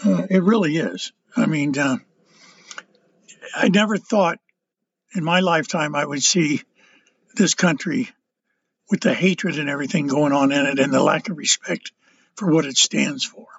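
Older man, high husky voice, halting rambling monologue, dull dry lo-fi recording. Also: fairly bright tone, dry recording. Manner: rambling, halting, stumbles over words. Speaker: political commentator. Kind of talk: casual political monologue.

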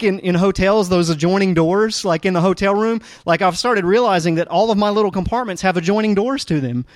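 A man preaching a sermon as a pastor, talking casually with lots of fillers and restarts, and getting animated when he tells stories. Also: high voice, no room sound, studio quality. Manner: conversational, rambling with fillers and restarts; animated storytelling with rising energy.

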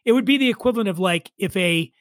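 A man's voice: high voice, expressive, fast, a bit bright, dry recording. A man in his forties, a podcast guest, telling a rambling story with profane, wry asides. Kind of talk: casual storytelling chat.

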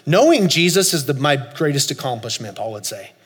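A man in his forties preaching a sermon, telling a story with loud high bursts and soft low asides. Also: big pitch swings, brisk, breathy edge. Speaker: pastor. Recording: long hall reverb, faint music.

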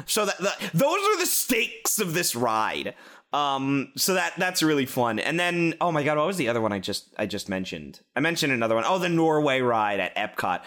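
A man rambling excitedly in casual chat, telling stories with swearing and laughter. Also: mid-range voice, moderate pace.

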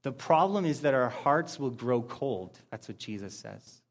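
A man's voice: medium pitch, big pitch swings. A man preaching an informal sermon, repeating key phrases for emphasis and breaking into short acted-out exchanges. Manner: informal, acts out little dialogues in quick put-on voices. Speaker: pastor. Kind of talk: conversational sermon.

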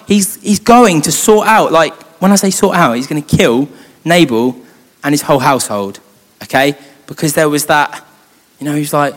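A man's voice: on the high side, moderate pace. A young man, a youth leader, telling a Bible story in a chatty way with joking asides. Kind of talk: casual Bible storytelling talk. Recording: long hall reverb.

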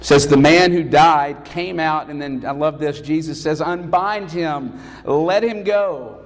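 Man preaching in an echoing hall. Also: fairly high pitch. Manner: emphatic preaching, raising his voice on calls. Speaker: pastor. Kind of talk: sermon. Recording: long hall reverb.

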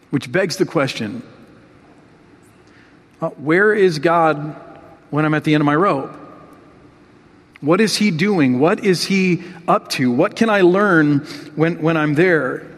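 High-voiced pastor preaching in a reverberant hall. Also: male voice, moderate pace. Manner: earnest, reads scripture with rising emotion. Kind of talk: sermon.

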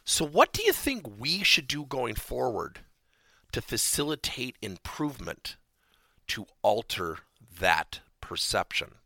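Animated, bright-voiced male coach. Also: mid-range voice, takes it slowly, vocal fry, no room sound, studio quality. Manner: animated teaching voice that repeats key points. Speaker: podcast host and workplace coach. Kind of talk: podcast coaching lesson.

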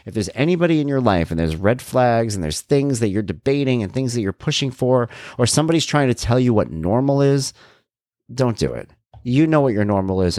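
Low-pitched and a little mellow, this middle-aged man's voice comes through a dry, clean studio recording. The vlogger offers life advice in a reflective personal monologue, speaking to viewers earnestly and confidingly about his life.

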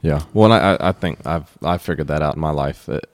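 A man co-hosting a podcast, speaking reflectively and personally about faith, with halting repeats. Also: very deep voice, dry recording, clean studio sound. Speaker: podcast co-host. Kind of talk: casual faith discussion.

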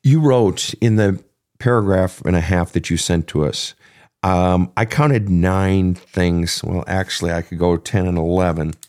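A man's voice: deep voice, measured pace, darkish tone. A man hosting an advice talk show as a coach, speaking bluntly and emphatically with heavy swearing. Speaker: podcast host and relationship coach.

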